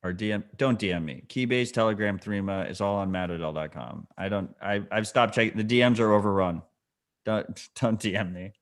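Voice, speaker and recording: A man's voice: on the low side, brisk. A man co-hosting a podcast, explaining things bluntly and swearing in casual chat. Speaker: podcast co-host.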